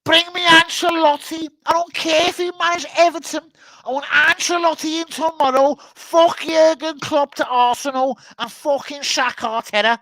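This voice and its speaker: A man putting on a furious, swearing radio caller from Liverpool with a Liverpool accent, shouting and outraged. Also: very high-pitched, fairly even intonation, normal speed, no room sound, voice pushed up, rough recording. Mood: outraged ranting.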